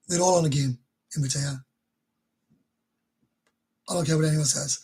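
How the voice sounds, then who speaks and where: Blunt, chatty man with a husky voice. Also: a little high, fairly even intonation, moderate pace, long pauses, a little mellow, low-quality recording. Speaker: livestream host. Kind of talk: casual livestream chat.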